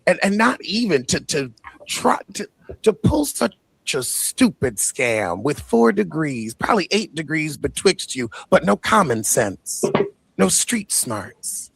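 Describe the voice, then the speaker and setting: Raspy, gravelly New man. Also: fairly high pitch, a little slow, no room sound. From the Bronx, New York. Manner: mocking, animated, swears freely. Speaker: host reacting to an interview. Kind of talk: casual reaction commentary.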